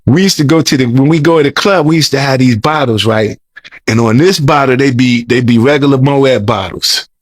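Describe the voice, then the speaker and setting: A man's voice: medium pitch, brisk, dry recording. Interview guest, male, rambling slangy storyteller with a mid-range voice, dry sound. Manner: rambling, repeats words, loose slangy talk. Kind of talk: casual storytelling.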